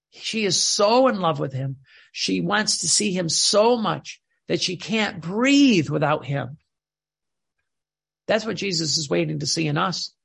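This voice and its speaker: A man's voice: a little high, vocal fry, a bit bright, slightly rough. A man preaching a sermon with fervor, reading quotations aloud with rising emphasis.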